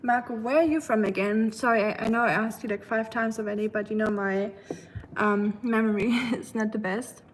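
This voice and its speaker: A woman's voice: fairly high pitch, fairly even intonation, normal speed, slight background noise. A woman from Germany with a German accent, casually chatting with viewers while cooking and often laughing as she answers their comments. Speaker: live-stream host. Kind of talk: casual live-stream chat while cooking. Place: home kitchen.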